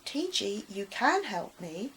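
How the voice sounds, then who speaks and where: A woman voicing a kind magical lady who speaks softly and gently to a child. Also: mid-range voice, very animated, slow pace, slight background noise. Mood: gentle. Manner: soft, friendly, coaxing.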